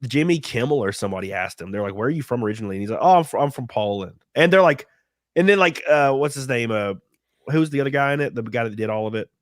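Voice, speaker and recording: A man's voice: mid-range voice, animated, fast, no room sound, clean studio sound. Sick man hosting a casual stream chat. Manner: rambling, laughing often, reads chat donations aloud. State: sick with a cold. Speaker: stream host.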